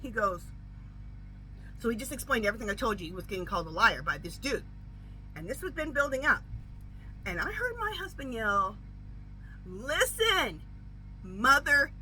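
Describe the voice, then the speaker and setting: A middle-aged woman reading tarot, chatting casually and telling stories with an animated, emphatic delivery that keeps checking in with "okay?". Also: mid-range voice, brisk, pauses often, slight background noise, rough recording. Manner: animated storytelling, repeats "okay?". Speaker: tarot reader. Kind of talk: casual chat.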